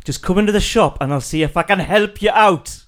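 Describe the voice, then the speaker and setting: A man's voice: high voice, fairly quick, voice pushed up, lightly acted. A man voicing a flustered male shopkeeper, hesitant and bumbling.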